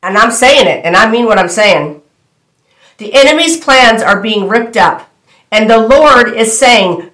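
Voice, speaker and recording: A woman's voice: fairly high pitch, expressive, unhurried, a bit bright. A woman delivering a prophetic word to her viewers, fervent and repetitive, speaking directly to them with bold declarations. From United States. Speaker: prophetic minister. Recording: echoey room.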